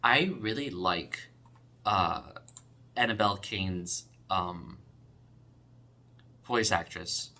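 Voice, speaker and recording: A man's voice: low-pitched, extremely slow, long pauses, sharp tone. A man casually reviewing episodes of a podcast, enthusiastic and rambling, full of fillers and restarts.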